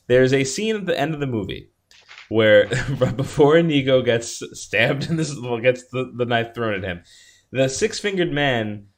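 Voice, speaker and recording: An animated man talking casually about a film as a podcast co-host. His pitch swings widely, and he often restarts his sentences as he gets excited. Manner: animated, restarts often, acts out quoted lines. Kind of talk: casual movie discussion.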